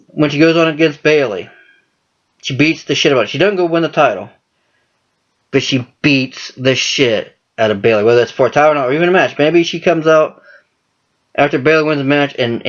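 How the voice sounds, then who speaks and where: A wrestling fan commentator rambles through a casual monologue about wrestling storylines, swearing constantly. His medium-pitched voice is expressive and a little fast, captured on a dull lo-fi recording.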